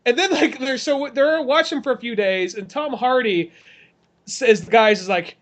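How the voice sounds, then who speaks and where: A man with a fairly high voice co-hosts a casual movie podcast. He retells scenes in a loose, rambling way and slips into gruff put-on voices for the characters, cursing freely. His delivery is chatty and animated. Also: moderate pace. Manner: acts out scenes in rough put-on voices, swears, laughs. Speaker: podcast co-host.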